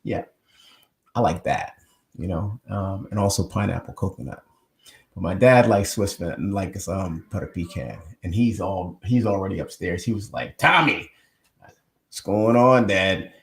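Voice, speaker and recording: Chatting casually on a live stream from his home, a man rambles directly to viewers through a new mic. He speaks at normal speed in a low, creaky, slightly mellow voice, and the sound is roomy.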